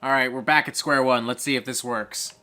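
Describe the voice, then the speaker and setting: A streamer hosting a casual live gameplay stream, swearing a lot, breaking into excitable rants and reading viewer chat aloud. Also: mid-range voice, a little fast, faint music behind. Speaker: streamer host.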